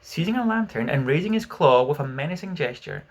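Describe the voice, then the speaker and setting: A man reading a children's classic aloud as an audiobook, telling the story expressively and dropping quiet for narration. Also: fairly high pitch, animated, a little fast.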